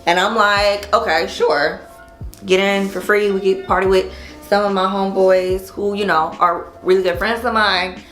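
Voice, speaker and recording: A woman chats animatedly to her camera as she works on a wig, swearing casually as she tells a story. Her voice bounces around an echoey room, and soft music plays underneath. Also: mid-range voice, flat delivery, normal speed. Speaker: hair vlogger.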